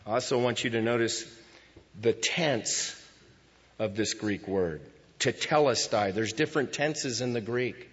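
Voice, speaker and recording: A man preaching a sermon as pastor in a church, moving between hushed lines and loud cries. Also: mid-range voice, unhurried. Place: church sanctuary. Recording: dull sound with long hall reverb.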